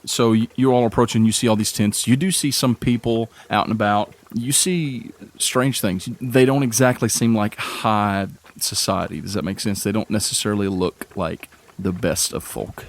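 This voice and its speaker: A man's voice: lowish voice, steady tone, moderate pace, few pauses. A man narrating as game master of a tabletop game in a casual, rambling way. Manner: casual, rambling, many fillers.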